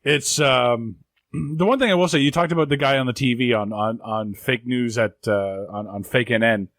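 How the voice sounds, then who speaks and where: A man's voice: mid-range voice, normal speed, fairly bright tone, no echo, studio quality. Enthusiastic man joking about movies. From Canada. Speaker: podcast co-host. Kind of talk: casual movie podcast chat.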